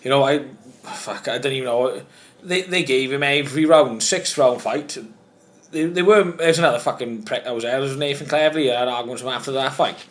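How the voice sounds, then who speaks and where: A man's voice: mid-range voice, fairly quick, fairly bright tone. A man, a former boxer, chatting casually on a podcast, rambling and swearing with frequent restarts. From Wales. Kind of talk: casual chat.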